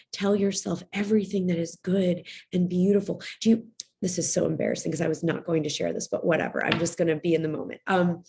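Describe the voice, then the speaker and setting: A woman's voice: lowish voice, gravelly, darkish tone, breathy edge. A woman in her forties, a writing coach giving a candid, confiding motivational talk to writers.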